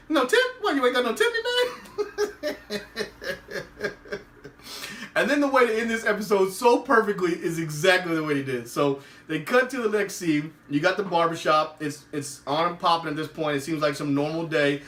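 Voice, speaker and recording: A man with a high, bright voice chats animatedly through a TV episode recap, chuckling as he goes. He sounds roomy and set back from the mic. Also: fairly quick, few pauses, distant mic. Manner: animated, laughs often, acts out quotes. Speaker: podcast host.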